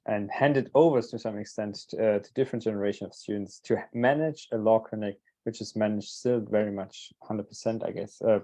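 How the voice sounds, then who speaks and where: A man moderating an online training panel over a video call. He speaks haltingly, often restarting his sentences. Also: on the low side, warm tone, lo-fi sound. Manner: halting, many fillers and restarts.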